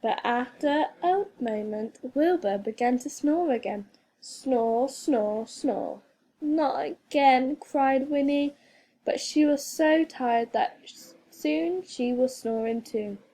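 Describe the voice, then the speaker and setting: A woman reading a children's storybook aloud as a teacher, expressive and playful with sound effects. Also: sits high, slow.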